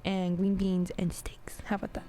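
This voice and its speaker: A woman's voice: medium pitch, monotone, normal speed. A woman hosting her own podcast in casual chat, affectionate and giggly, gushing as she talks. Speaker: podcast host.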